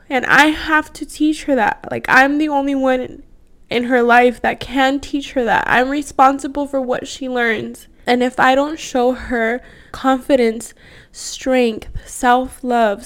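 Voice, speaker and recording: A woman in her thirties, a podcast host, talking candidly and from the heart in a personal monologue, full of fillers. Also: high voice. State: voice cracking with emotion.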